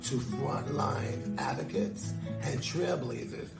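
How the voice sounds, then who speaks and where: Gravelly man presenting an award over loud guitar. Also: mid-range voice, expressive, takes it slowly. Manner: proud, ceremonial delivery. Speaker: award presenter and community advocate. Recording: echoey, with loud music behind. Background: guitar music.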